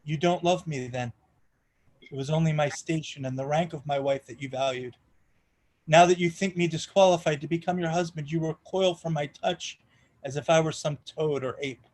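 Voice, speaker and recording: A man reading the part of a passionate, brooding gentleman in an audiobook, with an impassioned, pleading delivery. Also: fairly high pitch, moderate pace, natural voice. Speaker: reader in a charity readathon.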